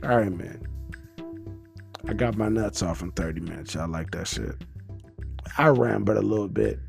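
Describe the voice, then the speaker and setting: A man's voice: on the low side, expressive, moderate pace, gravelly, darkish tone, soft background music. A man hosting a casual, rambling monologue, a little intoxicated, talking in a profane, laid-back way. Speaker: podcast host.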